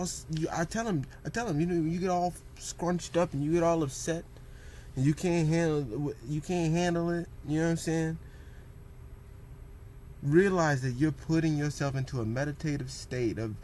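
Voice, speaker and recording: A man rambles through a loose talk on meditation and posture, tossing in "you know what I'm saying" again and again. He slips into quick voices for what people say, and his voice sits a bit high for a man. A faint hum of the room stays behind him. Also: a little mellow. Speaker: vlogger.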